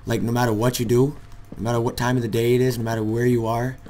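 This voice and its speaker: Young male gamer at a desk mic, casual and rambling, halting confessional talk, middle-pitched. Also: little pitch movement, slight background noise. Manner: rambling and hesitant, bursts into loud cursing. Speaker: gaming vlogger. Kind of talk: casual heartfelt talk over gameplay.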